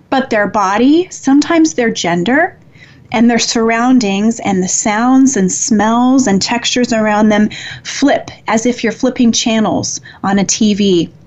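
A woman with a fairly high voice hosts a live spiritual reading stream. She speaks slowly and earnestly, softly, and laughs gently now and then. The sound is a little dull and muffled. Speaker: psychic reader hosting a live show.

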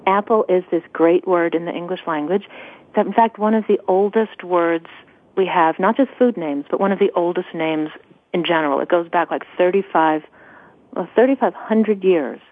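A woman's voice: on the low side, moderate pace, dry recording. A woman author in a radio interview, explaining with eager enthusiasm. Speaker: author guest. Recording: dry, phone-like radio sound.

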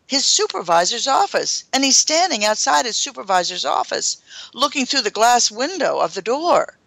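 A woman's voice: a little high, creaky, fairly bright tone, dry recording. A woman hosting a talk show, telling a first-hand story in a dramatic way with gasps. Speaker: host.

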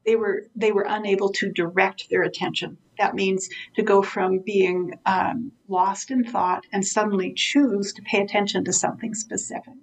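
A woman's voice: mid-range voice, fairly even intonation, moderate pace, few pauses, low-quality recording. A woman guest in an interview, a vivid storyteller who acts out the dialogue as she explains dementia care.

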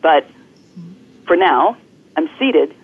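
A woman guest coach explaining things clearly and articulately in an interview, speaking over the phone. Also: low voice, animated, extremely slow. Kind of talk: interview on a podcast. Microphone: telephone. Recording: phone-line call-in audio.

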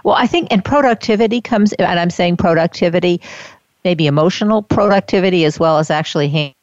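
A woman's voice: fairly low pitch, brisk, dry recording. A woman hosting a casual radio interview, thinking aloud with fillers and restarts. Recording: dull lo-fi radio sound.

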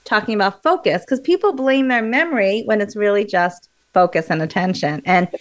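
A woman being interviewed as a memory coach, explaining in a lively, teacherly way and acting out examples. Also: mid-range voice, fairly quick.

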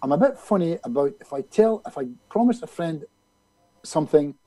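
A man, a hypnotist being interviewed, telling a story in an animated way and acting out other people's lines. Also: on the high side, brisk, no echo, low-quality recording. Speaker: hypnotist guest.

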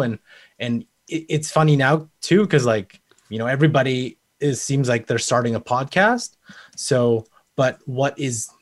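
A man speaking as a panel guest in casual, conversational talk, thinking aloud as he goes. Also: medium pitch. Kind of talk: casual chat.

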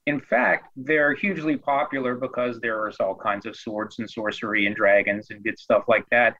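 A male guest with a bright, forceful voice explains his ideas in a thoughtful, measured way. The sound is dry but slightly dull. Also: medium pitch, no echo. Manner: thoughtful, measured, lightly self-deprecating. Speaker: guest expert. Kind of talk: conversational explanation.

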